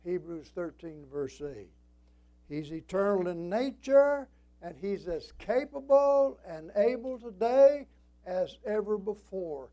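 At an evening church service, a man delivers a sermon in a high, expressive voice. His preaching cadence is strong, rising emphatically and then dropping to a hush, and he speaks slowly and deliberately.

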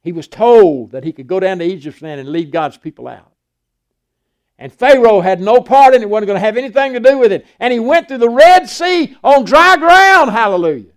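An older man preaching a sermon in a strikingly high voice. He talks in a folksy, preachy way and slips into the voices of Bible figures as he tells their stories. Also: lively intonation, moderate pace, clear, resonant tone. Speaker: pastor.

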